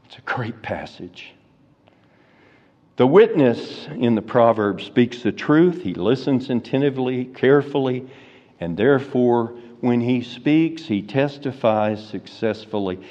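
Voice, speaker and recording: Slow, lively-voiced preacher in a hall. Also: male voice, mid-range voice. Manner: slow and deliberate, rising to fervent emphasis. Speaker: pastor. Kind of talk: expository sermon. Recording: reverberant hall, dull lo-fi sound.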